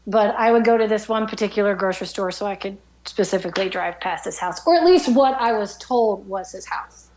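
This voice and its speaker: A woman photographer, a podcast guest, chatting casually and telling stories in an animated way. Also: mid-range voice, brisk, slight background noise, poor audio. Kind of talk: casual chat.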